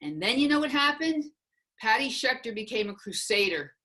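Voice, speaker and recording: A middle-aged woman giving a motivational seminar talk, telling a personal story to the audience with lively, acted-out quotes. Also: fairly high pitch, moderate pace. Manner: animated, addresses audience as folks, acts out quotes. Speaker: seminar speaker.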